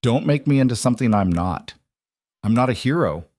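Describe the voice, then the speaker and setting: A man voicing a guarded, brooding young mafia boss in a measured storybook read. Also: medium pitch, lively intonation, darkish tone, dry recording, lightly acted.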